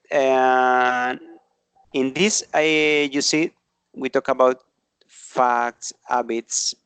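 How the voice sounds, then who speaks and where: A man's voice: medium pitch, a bit bright, smooth, dry recording. A man teaching an online English grammar class, explaining patiently and often checking in with tag questions.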